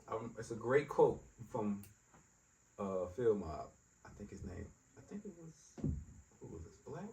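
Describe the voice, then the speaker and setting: A lively man chatting on a podcast, his pitch swinging up and down as he tells stories and laughs. He sits a little back from the mic, and a faint hum of room noise runs under him. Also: a little slow, vocal fry, distant mic, poor audio. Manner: animated storyteller, laughs often, acts out quotes. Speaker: podcast co-host. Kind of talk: casual chat.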